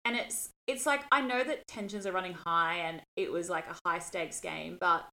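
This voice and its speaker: A woman's voice: lowish voice, normal speed, low-quality recording. A young Australian woman with an Australian accent, co-hosting a podcast, telling stories animatedly and laughing between lines. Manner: animated storyteller, laughing, mimicking others. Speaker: podcast co-host. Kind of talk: casual chat.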